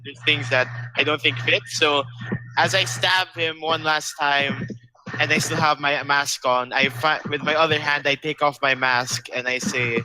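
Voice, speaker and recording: A man's voice: on the high side, fairly even intonation, measured pace, music in the background, rough recording. A man playing a tabletop game, talking casually and a bit unsure of himself. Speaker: player. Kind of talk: tabletop role-play.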